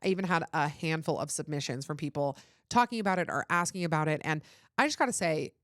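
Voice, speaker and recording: A woman's voice: deep voice, fast talker, fairly bright tone, no echo, clean studio sound. A woman hosting a podcast, talking in a candid, rambling casual chat with lots of "like.". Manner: candid, rambling, heavy use of "like". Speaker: podcast host.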